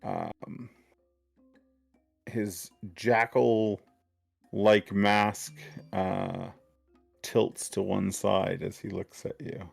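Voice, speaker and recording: Slow-spoken male game master, low voice, halting descriptive narration. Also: lively intonation, vocal fry, breathy edge, faint music behind. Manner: halting, descriptive, many fillers.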